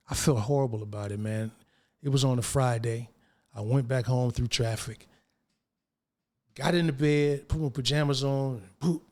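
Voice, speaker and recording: An older man, a guest actor, telling stories in a casual interview and acting out the lines of people he quotes in slangy speech. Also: mid-range voice. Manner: animated, acts out quoted dialogue, slangy.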